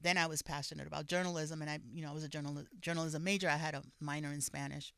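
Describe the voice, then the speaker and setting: Older New woman, guest on a podcast, bright clear voice, chatty storyteller. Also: low-pitched, fairly even intonation, very fast, no echo. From the Bronx, New York, of Puerto Rican parents. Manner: warm storyteller, laughs often, restarts phrases, mixes in Spanish. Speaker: guest author. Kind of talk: relaxed conversational storytelling.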